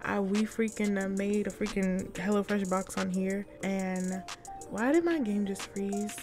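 A young woman giving casual, excitable commentary while exploring a game, chatting to her viewers in slangy, upbeat talk. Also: medium pitch, measured pace, over music. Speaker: gaming YouTuber.

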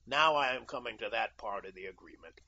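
A man's voice: on the low side, expressive, brisk, vocal fry, bright, forceful tone, a little hiss or hum, heavily acted. A man voicing a brash, self-assured young American who bargains coolly and mocks, on a dull lo-fi recording. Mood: firm, cool. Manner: cool, bargaining and mocking. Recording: dull lo-fi audio.

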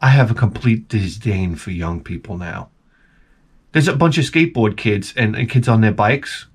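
A man's voice: lowish voice, normal speed, slightly rough. A middle-aged man vlogging, telling rambling, profane stories in a casual monologue. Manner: rambling, profane, animated storytelling.

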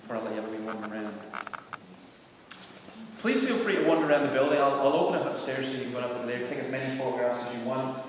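A middle-aged preacher talks in an earnest, anecdotal way to a group touring his church. His voice sits at an ordinary pitch for a man. It is caught from a distance in a big, booming hall, with a long tail of reverb and a faint hum of room noise. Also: fast. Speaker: preacher and evangelist. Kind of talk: storytelling talk to a visiting tour group. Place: large church building, indoors. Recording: echoey hall from far off.

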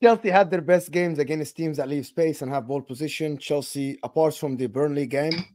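A man giving calm, methodical football match analysis as a fan pundit, repeating his key point. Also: a little high, normal speed, dry recording, clean studio sound.

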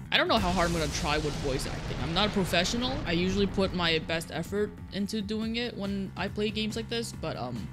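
Giggly young woman chatting over a game, bouncy voice, soft music behind. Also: on the low side. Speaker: let's play host. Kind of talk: casual gameplay commentary.

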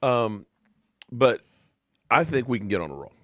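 Brief: a lively male sports host with a swinging pitch and a dry, close sound. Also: measured pace, no room sound. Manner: animated, repeats words, laughs easily. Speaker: sports talk show host. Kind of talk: casual sports chat. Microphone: desktop USB mic.

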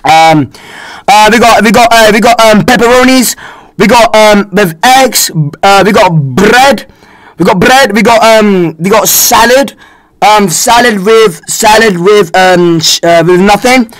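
A man streaming a game live, swearing often and bantering with chat in excitable bursts. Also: sits high, a little slow, poor audio. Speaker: gaming streamer. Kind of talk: casual live-stream chatter. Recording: loud game music behind. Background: game music.

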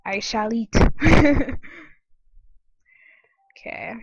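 A woman giving casual, excitable commentary while playing online games, often giggling and squealing. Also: fairly high pitch, very slow, slightly rough, no echo, highs cut off. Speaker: gaming channel host.

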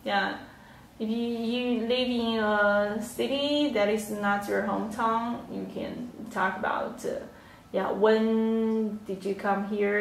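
Slow, patient woman teacher, gravelly, roomy. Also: mid-range voice, a little hiss or hum. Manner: slow, patient explaining with frequent yeah and fillers. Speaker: Chinese teacher. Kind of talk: livestream language lesson. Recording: roomy echo, a little off mic.

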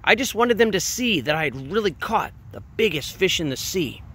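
A man's voice: high-pitched, very animated, normal speed, a bit bright, a little hiss or hum, heavily acted. A man voicing an earnest little fisher boy who pleads his case in a storybook read-aloud.

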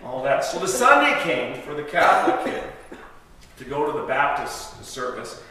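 A man's voice: mid-range voice, very animated, normal speed, sharp tone. A man giving a guest sermon, telling stories in a chatty, self-interrupting way and laughing at his own jokes. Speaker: guest preacher. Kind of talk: storytelling sermon. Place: church sanctuary. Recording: echoey hall, distant mic.

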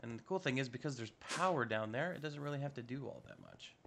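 A man's voice: medium pitch, expressive, quick pace, vocal fry, fairly bright tone. A man giving casual, upbeat commentary while playing a modded block-building game, chatting to himself as he builds. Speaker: Minecraft modpack let's-play host.

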